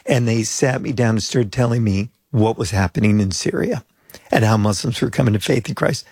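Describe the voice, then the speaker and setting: A man's voice: on the low side, brisk, a little mellow, slightly rough, no echo, clean studio sound. A pastor in his sixties from the United States, telling rambling anecdotes with asides as an interview guest.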